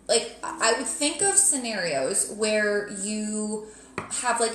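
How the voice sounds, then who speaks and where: A woman's voice: on the high side, a little hiss or hum. Chatty New Jersey woman in an echoey room. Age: 30s. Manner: chatty, blunt, laughs often, lots of "like". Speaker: tarot reader. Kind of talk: live tarot reading to viewers.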